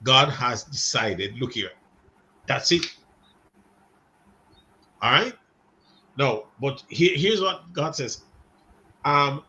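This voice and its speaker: Slow, bright-voiced male Bible teacher. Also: mid-range voice, lively intonation, highs cut off. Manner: conversational, questions the class by name. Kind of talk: seminary class lecture.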